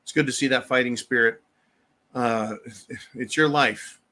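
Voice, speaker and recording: Reading viewers' messages aloud, a US man hosting a live show rambles through a casual, blunt, foul-mouthed rant. He has a medium-pitched voice with a steady, sharp tone and a slightly slow pace.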